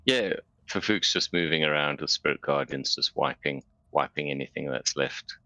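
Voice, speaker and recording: A man's voice: a bass voice, moderate pace, pushed and bright, no room sound. A man playing a tabletop game over a voice call, chatting casually and explaining spell rules. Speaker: player. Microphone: USB microphone on a voice call.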